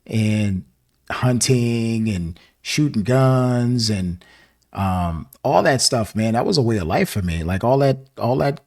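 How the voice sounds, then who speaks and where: A man's voice: mid-range voice, lively intonation, takes it slowly, darkish tone. A man from the American South hosting a music reaction video, chatting casually and rambling with lots of fillers and laughs. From Southern United States.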